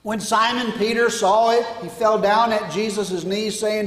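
A man preaching a sermon as pastor, swinging from loud declarations to hushed line endings. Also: high-pitched, fairly even intonation, a little slow, few pauses. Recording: echoey hall.

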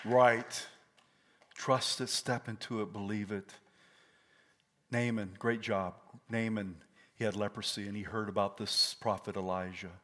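A man preaching a sermon, telling scripture stories with animated swings between hushed and loud delivery. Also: on the low side, a little slow, slight background noise.

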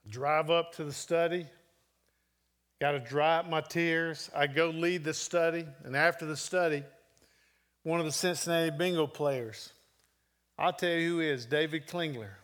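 Earnest higher-voiced male preacher. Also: measured pace, pauses often, fairly bright tone. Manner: emotional storytelling, earnest preaching with shifting volume. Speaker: pastor. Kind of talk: sermon.

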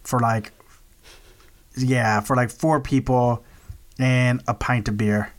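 A man in casual chat, telling a story with dry, deadpan jokes. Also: mid-range voice, slow.

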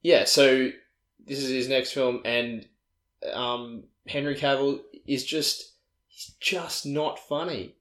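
A man co-hosts a casual podcast, recapping a film in a rambling way full of fillers and false starts. His voice sits at a middling pitch and sounds echoey, as if he is in a bare room. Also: steady tone, takes it slowly, fairly bright tone. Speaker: podcast co-host. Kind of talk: casual chat.

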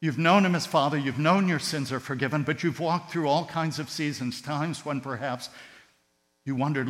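A man preaching a sermon with passion, his voice surging loud on key words and then dropping to a hush. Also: on the high side, normal speed. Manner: impassioned, swinging between loud emphatic rises and hushed tender drops. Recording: long hall reverb with mains hum.

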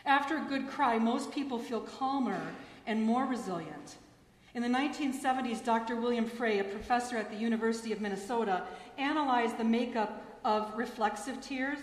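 Earnest woman preaching in a reverberant church. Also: a little high. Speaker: pastor and pediatric chaplain. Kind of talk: sermon with gospel reading. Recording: echoey church hall.

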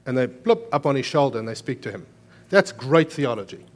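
A man preaching a sermon as pastor, moving between emphatic raised lines and quiet, earnest explanation. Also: mid-range voice, expressive, a little fast.

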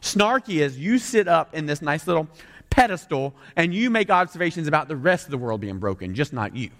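A male pastor with a Southern American accent, preaching a sermon in a lively, conversational way with joking asides to the crowd. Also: fairly high pitch, brisk. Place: large room with a couple hundred people. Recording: long hall reverb.

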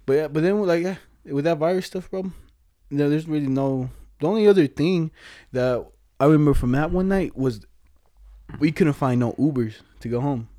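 A man's voice: moderate pace, no room sound, clean studio sound. A young man chatting casually with a friend, recounting a party in slangy, swearing talk and acting out what people said. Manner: animated storytelling, acting out quotes in a higher voice. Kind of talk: casual chat.

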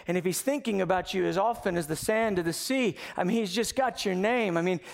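A man preaching a lively sermon with humor and quick asides. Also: sits high, creaky, big-room sound. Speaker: pastor.

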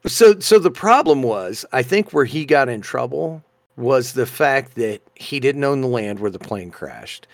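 Animated, laughing podcast guy. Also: mid-range voice, a little slow, no echo. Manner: animated, laughs often, reads news stories aloud. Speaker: podcast co-host. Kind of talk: casual podcast chat.

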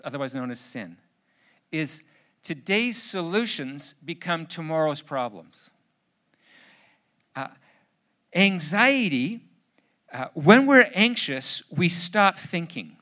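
A middle-aged man from Canada delivers a sermon in a bright, somewhat high voice. He keeps it conversational and jokey, then pushes into emphatic, urgent preaching. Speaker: pastor.

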